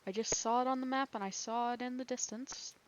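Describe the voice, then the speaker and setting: A woman's voice: fairly high pitch, steady tone, fairly quick, slight background noise. A woman playing a survival game and thinking aloud, chatty and rambling, laughing often. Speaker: gaming video creator. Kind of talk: thinking aloud during gameplay.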